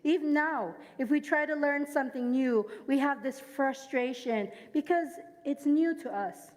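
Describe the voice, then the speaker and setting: High-voiced Jamaican woman preaching. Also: unhurried, darkish tone, big-room sound. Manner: engages the congregation, asks them to repeat lines; personal storytelling. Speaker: speaker at a church service. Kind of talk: sermon.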